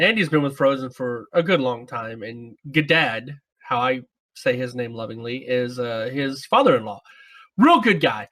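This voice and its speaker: A man co-hosting a casual gaming podcast, animated and quick to laugh. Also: mid-range voice, poor audio. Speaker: podcast co-host.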